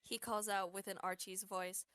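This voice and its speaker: A woman playing a tabletop game, narrating her character's actions with animated storytelling. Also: medium pitch, normal speed, dry recording. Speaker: player. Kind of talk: tabletop role-play chat.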